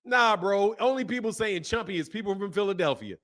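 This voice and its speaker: Man, high voice, casual boxing commentary, opinionated, animated, laughs often. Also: brisk. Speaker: boxing channel host.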